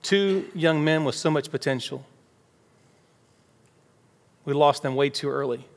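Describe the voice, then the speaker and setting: This pastor's voice is a little high and unhurried as he delivers a conversational sermon, voicing everyday dialogue as quotes. He's in a church sanctuary, and the audio carries a long hall reverb over faint background music.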